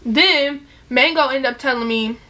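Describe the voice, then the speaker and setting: A young woman telling a casual storytime, animated and profane, acting out the other people's lines in bursts. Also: high-pitched, a little slow.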